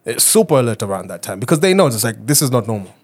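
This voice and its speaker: Podcast co-host, man, mid-pitched, lively storyteller who acts out the voices. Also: racing. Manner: animated storyteller, acts out quoted voices, swears. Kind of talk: casual chat.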